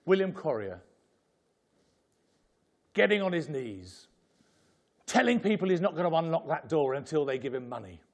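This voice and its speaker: A man's voice: a little high, very animated, normal speed, long pauses. A man presenting at a fundraising seminar in a joking, impassioned way, speaking to a room. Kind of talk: humorous seminar talk. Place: conference room with an audience.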